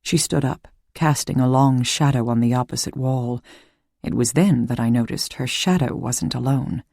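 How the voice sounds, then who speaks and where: A woman reading a first-person suspense audiobook in a measured, calm storytelling voice. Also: rumbling low, vocal fry, no echo, clean studio sound. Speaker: audiobook narrator.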